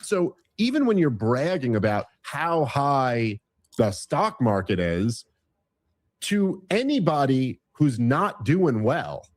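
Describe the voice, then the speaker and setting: A man's voice: medium pitch, darkish tone, dry recording. Guy ranting about politics, cussing, lots of restarts, dry close mic. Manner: ranting, profane, rambling with many restarts. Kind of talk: casual political chat.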